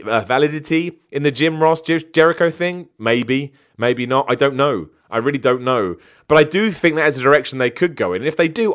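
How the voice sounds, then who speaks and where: A man's voice: a little high, fairly bright tone. A man, a wrestler, reading out viewer questions and answering them in a rambling, self-deprecating way, often stumbling over names. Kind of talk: casual Q&A chat, reading messages aloud.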